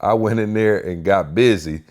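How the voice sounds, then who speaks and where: A young man hosts a podcast in a relaxed, conversational way. His voice sits on the low side, and he tells stories with plenty of energy, slipping into other people's voices as he goes. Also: moderate pace. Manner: animated storyteller, acts out voices. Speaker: podcast host. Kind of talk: casual chat.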